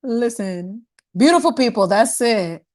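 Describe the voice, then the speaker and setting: A woman's voice: on the high side, expressive, unhurried, a little mellow. A woman hosting a casual livestream chat, playful and sassy, laughing often and dropping in Spanish words. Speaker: livestream host.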